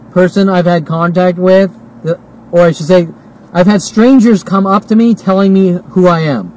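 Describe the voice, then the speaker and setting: Forties guy ranting to camera, high voice, keeps repeating himself, swearing, hiccuping and burping. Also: darkish tone, low-quality recording. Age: 40s. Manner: agitated, repetitive, swearing. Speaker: vlogger.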